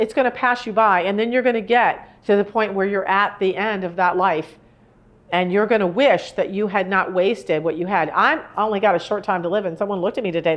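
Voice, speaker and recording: A woman's voice: mid-range voice, muffled recording. Earnest woman in her sixties. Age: 60s. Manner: conversational, rambling, earnest. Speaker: grief speaker. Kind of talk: live talk to an audience. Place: indoor room with a live audience.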